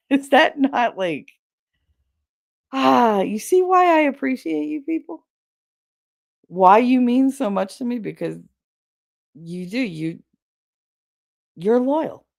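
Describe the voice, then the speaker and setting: This is a woman hosting a relaxed livestream and chatting straight to her viewers. Her voice moves freely from high to low, with frequent laughter and casual swearing. The talk stays loose and conversational throughout. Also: gravelly. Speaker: livestream host.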